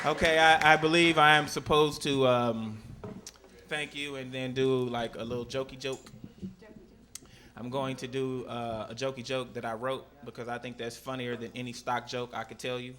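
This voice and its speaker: A man from Texas doing a stand-up set on a club stage, telling animated stories and acting out the voices. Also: medium pitch, normal speed, background noise. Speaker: stand-up comedian. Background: audience laughter.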